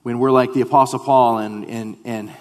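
An earnest male preacher delivering a sermon in a mid-range voice. He repeats phrases as he builds, then drops to a near hush when voicing quoted prayers. His voice rings out with a long reverb, as in a large church hall. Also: medium pitch, fairly even intonation, moderate pace. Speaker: pastor.

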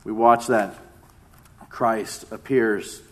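A man preaching a sermon, retelling a story with dramatic swings between loud emphasis and hushed tones. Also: fairly low pitch, steady tone, very slow.

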